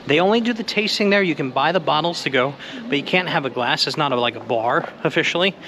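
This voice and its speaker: A travel vlogger with a slightly high voice talks quickly and with lively intonation while tasting food and wine at a busy outdoor Christmas market. He's chatty and enthusiastic, savoring each bite and sip aloud, with street noise all around.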